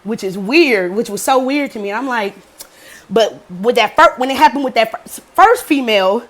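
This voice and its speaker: A woman's voice: fairly high pitch, normal speed. A young adult woman vlogger casually telling a story, cursing freely and acting out quotes. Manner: profane, animated storytelling with acted quotes.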